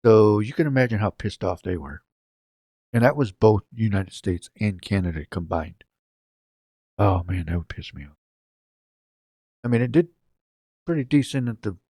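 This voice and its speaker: A man's voice: lowish voice, animated, moderate pace, long pauses, warm tone, no room sound, clean studio sound. A man hosting a casual live stream from his home setup, rambling and joking as he talks to viewers in chat by name. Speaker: livestream host.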